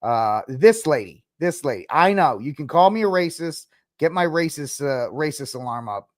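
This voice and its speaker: A man's voice: a little high, moderate pace, no echo, clean studio sound. Rambling, exasperated male podcast host. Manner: rambling, animated, mocking and exasperated. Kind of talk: casual commentary.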